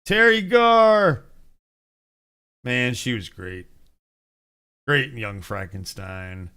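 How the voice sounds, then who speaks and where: A man's voice: medium pitch, animated, drawn-out words, bright, forceful tone, smooth. A man in his forties from the United States, hosting a casual entertainment news chat, rambling and swearing with frequent laughs. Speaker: host.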